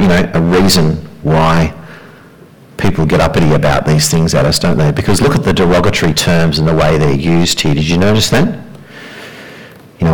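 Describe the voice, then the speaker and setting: A man's voice: low voice, low-quality recording. A man preaching a sermon in a conversational way, often asking his congregation questions.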